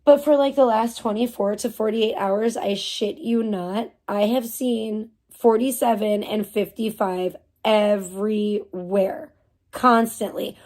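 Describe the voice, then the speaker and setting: A woman's voice: medium pitch, fairly even intonation, slow pace, darkish tone. A woman livestreamer venting to her chat in a profane, heated rant full of swearing, who stops to thank viewers. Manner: talks straight to viewers and thanks donors.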